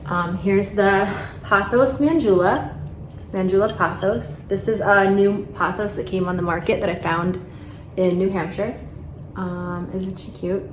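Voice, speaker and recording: Her mid-range voice stays steady and a little slow as this New York–accented plant vlogger repots plants at home. The casual talk is full of fillers and self-corrections, recorded in an echoey room where background noise is clear.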